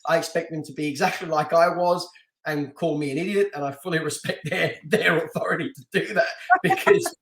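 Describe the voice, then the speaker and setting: A middle-aged man originally from London tells a story as a podcast guest. He is animated, laughs often and restarts his sentences. His voice sits a little high and carries some room echo. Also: brisk. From London, England. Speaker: podcast guest, martial artist and stunt actor. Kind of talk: casual storytelling interview.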